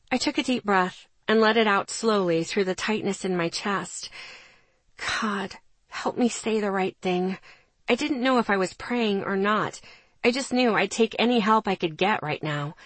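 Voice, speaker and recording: A woman's voice: mid-range voice, no room sound. Woman reading a tense audiobook, dry close mic. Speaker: audiobook narrator. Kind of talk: first-person audiobook narration.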